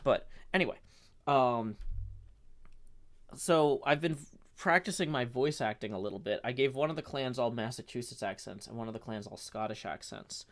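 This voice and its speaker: A man's voice: mid-range voice, normal speed. A man hosting a casual live stream, rambling and hesitant with lots of fillers while reading out chat. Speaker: streamer and host.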